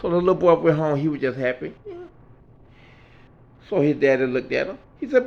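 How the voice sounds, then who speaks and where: A man's voice: on the high side, expressive, normal speed, gravelly. A man telling a long comic joke, acting out every character's lines in turn. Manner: acts out each character in turn, Southern US vernacular. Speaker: joke teller. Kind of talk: storytelling a dirty joke. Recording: dull lo-fi sound.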